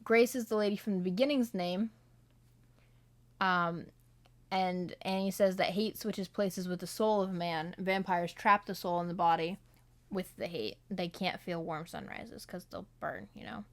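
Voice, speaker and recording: A woman's voice: on the low side, fairly even intonation, unhurried. Chatty woman reading her notes aloud. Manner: rambling, chatty, many fillers and asides; slips into playful accents when quoting. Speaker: solo vlogger reviewing a film. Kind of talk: casual commentary read from notes.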